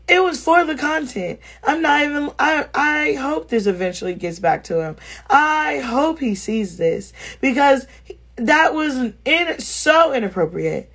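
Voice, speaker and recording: Woman, vlogger, husky voice, blunt, animated, swears a lot, live stream on a phone at home. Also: sits high. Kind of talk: casual live storytelling to viewers.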